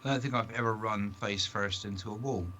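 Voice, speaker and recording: Deeper-voiced male panelist, deadpan one-liners, faint hiss. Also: fairly quick. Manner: dry, wry quips. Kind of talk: casual chat.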